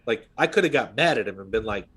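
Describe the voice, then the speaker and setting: A man's voice: fairly low pitch, lively intonation, quick pace, a bit bright, breathy edge. A man in his thirties talking casually on a podcast, rambling through a story with many fillers and asides. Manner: rambling storyteller, full of "you know what I mean". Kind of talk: casual conversation.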